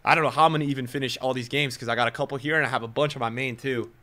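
A young man commentating his own football video game match as a streamer, swinging from low muttering to loud outbursts. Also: steady tone, racing, dry recording. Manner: emotional, swings from muttering to shouting. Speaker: gaming streamer. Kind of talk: live gameplay commentary.

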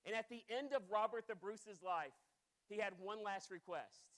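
A man in his thirties delivers a sermon in a high voice. He grows impassioned and doubles back on his words. He pleads with the congregation. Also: moderate pace, a bit bright. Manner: impassioned, repeats words when worked up. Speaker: preacher.

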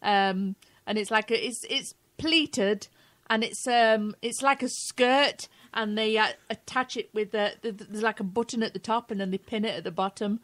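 A woman's voice: mid-range voice, fairly even intonation, normal speed, fairly bright tone. A woman with a British accent co-hosting an online radio show, asking teasing questions in casual banter.

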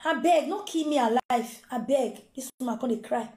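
A woman's voice: high-pitched, normal speed, darkish tone, echoey room, natural voice. A woman voicing a desperate, tearful mother begging. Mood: pleading. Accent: Nigerian Pidgin. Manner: pleading, tearful. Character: desperate woman begging a former friend for her children.

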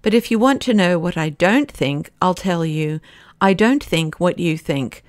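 A man's voice: sits high, unhurried, no echo, studio quality. A woman reading an audiobook, voicing a hearty, impatient young male doctor in a raised voice. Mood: emphatic. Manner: blunt, boisterous and impatient.

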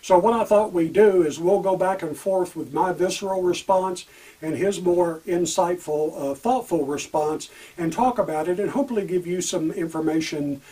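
A man's voice: high-pitched, moderate pace, warm tone, breathy edge, far from the mic, rough recording. A man hosting a political talk show, speaking in a heated, emphatic way and returning to his key words. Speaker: podcast host.

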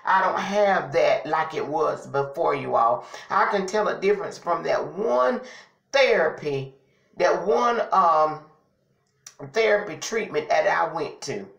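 Woman vlogger, low-pitched, recorded in a roomy echoey space at home, talks in a lively testifying way. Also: measured pace, vocal fry, lo-fi sound. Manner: chatty, testifying, often says "y'all". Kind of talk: casual storytelling to camera.

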